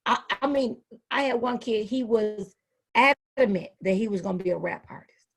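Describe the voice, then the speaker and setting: High-voiced woman hosting a video-call talk. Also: normal speed, breathy edge. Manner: lively storytelling, calls people baby and sweetie. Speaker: host and educator. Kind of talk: casual panel discussion.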